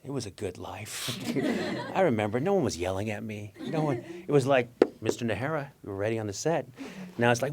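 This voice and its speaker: A man's voice: mid-range voice, very animated, brisk. A middle-aged Mexican-American man telling stories in a talk, acting out voices and laughing often. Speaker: guest speaker. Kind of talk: storytelling talk.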